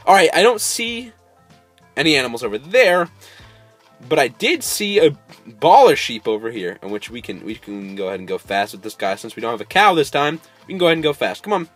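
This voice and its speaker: A man giving casual let's-play commentary, coaxing animals and bursting into sudden excited squeals. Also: mid-range voice, fairly quick, faint music behind. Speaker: gameplay host.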